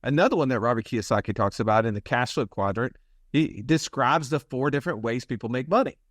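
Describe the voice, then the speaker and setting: A man's voice: mid-range voice, brisk, no room sound, studio quality. A man hosting a podcast, talking casually and explaining ideas, often checking in with "right?". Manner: conversational, explains with repeated "right?". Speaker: podcast host.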